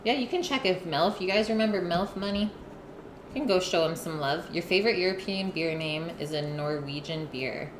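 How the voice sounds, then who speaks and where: Eating on a live stream from her home kitchen, this cooking host talks casually to her chat and stops between bites to read what viewers write. Her voice sits a bit low for a woman, and the audio is roomy, with clear background noise.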